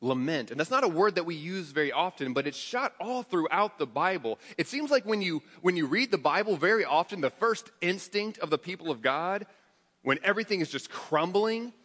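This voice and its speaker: A man preaching a sermon to his congregation, earnest, with quick restarts and repeated words. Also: fairly high pitch, a bit bright, big-room sound. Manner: earnest, rapid with frequent restarts.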